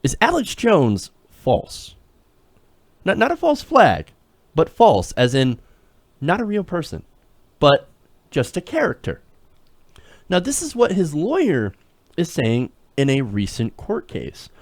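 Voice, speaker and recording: A man's voice: on the high side, huge pitch swings, slow, pauses often, no echo. A man hosting a live political talk show, casual and sarcastic, reacting to clips. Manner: sarcastic, loose, laughing at clips. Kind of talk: casual live-stream commentary.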